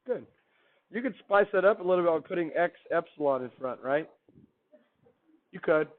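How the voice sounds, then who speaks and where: Captured on a tinny, phone-like recording, a man with an animated, somewhat high voice teaches a math class at normal speed. His lecture is chatty and upbeat, and he poses questions to the class before answering them himself.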